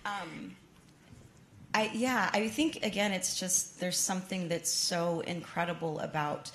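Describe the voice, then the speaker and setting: A young woman with a notably low voice and a touch of vocal fry answers questions at a public event. She talks thoughtfully and earnestly, often pausing and restarting. Faint room noise sits behind her. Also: a bit bright. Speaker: guest ballet dancer answering audience questions. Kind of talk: audience Q&A talk. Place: museum event space with an audience.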